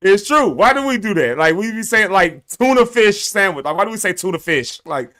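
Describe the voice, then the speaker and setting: A man hosts a relaxed morning livestream with a bright, slightly high voice. He keeps the talk easygoing and laughs often. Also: a little fast. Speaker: host. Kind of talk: casual chat.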